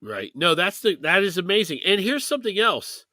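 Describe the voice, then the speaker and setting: A man's voice: sits high, very animated, brisk, pushed and bright, dry recording. A man co-hosting a music podcast, talking in a loose, rambling way with many restarts. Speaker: podcast co-host. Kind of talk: casual chat.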